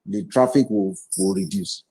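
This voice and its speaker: A man's voice: medium pitch, sing-song, normal speed, creaky, mellow, breathy edge, low-quality recording. A man in his forties, a guest speaker giving an earnest, reflective personal testimony in an interview and retelling past conversations.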